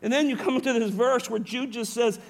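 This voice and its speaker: A high-pitched man, middle-aged, preaches from the pulpit in an earnest tone. He explains scripture with steady conviction, often stopping to correct himself and restart a phrase. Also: fairly quick, gravelly. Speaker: pastor. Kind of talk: sermon.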